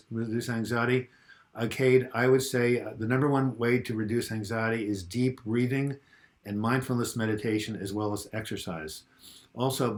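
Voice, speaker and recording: A man in his sixties with a cold, hosting a casual live Q&A on a lapel mic, chatting as he reads out viewers' comments and answers them. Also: lowish voice. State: getting over a cold. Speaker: host of a mental health Q&A. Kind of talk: casual live video chat. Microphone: lavalier mic.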